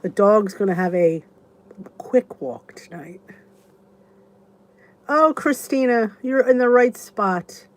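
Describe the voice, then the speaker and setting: A woman's voice: on the high side, lively intonation, measured pace, few pauses. A woman in her fifties hosting a casual live chat, answering viewers by name and rambling in a chatty way with many restarts. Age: 50s. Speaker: YouTube channel host.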